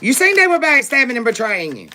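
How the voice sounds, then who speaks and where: A woman's voice: high-pitched, very animated, fast, bright, forceful tone. A woman giving a live tarot reading, talking in a sassy, emphatic way straight to her viewers, with frequent laughs. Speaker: tarot reader.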